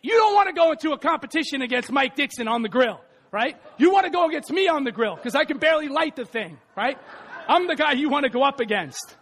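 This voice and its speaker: A man preaching a lively sermon, reading scripture aloud, joking with the congregation and shouting for emphasis. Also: very high-pitched, fast talker, long reverb tail. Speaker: pastor. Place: church sanctuary.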